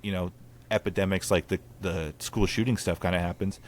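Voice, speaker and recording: Male host, 30s, lowish voice, chatty earnest storyteller. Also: fairly even intonation, a little fast. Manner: storytelling, earnest, lots of "like" fillers. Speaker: podcast host. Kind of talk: casual chat.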